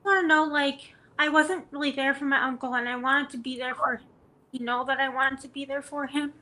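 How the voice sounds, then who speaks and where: A woman's voice: sits high, fairly even intonation, brisk, pushed and bright. A woman who is a client at a reading, answering in a hesitant way and often opening with um. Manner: hesitant, starts with um. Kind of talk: casual conversation.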